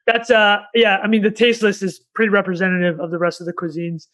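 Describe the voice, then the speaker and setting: A man's voice: high voice, flat delivery, quick pace, a bit bright. A man co-hosting a podcast from home over a call, upbeat and eager, firing off questions. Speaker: podcast co-host. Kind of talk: casual chat.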